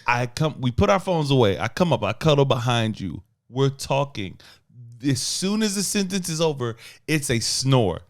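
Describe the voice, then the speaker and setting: A man's voice: mid-range voice, sing-song, moderate pace. A man co-hosting a podcast, bantering and joking in casual conversation with his partner. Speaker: podcast co-host. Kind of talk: casual couple chat.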